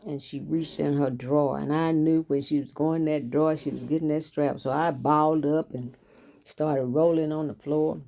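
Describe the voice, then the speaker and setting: This older woman hosts her own show and, as a host and author, shares life stories in a casual, folksy, talkative way, repeating things now and then. She speaks with a deep, dark voice at normal speed and fairly even intonation.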